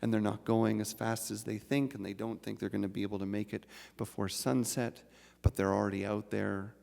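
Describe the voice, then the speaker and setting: A man giving a sermon at a spiritual center, measured and reflective, telling a folk tale. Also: fairly low pitch, flat delivery, creaky, darkish tone. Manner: slow, measured, reflective delivery. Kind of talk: sermon with storytelling. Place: large hall of a spiritual center. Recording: live talk with long hall reverb.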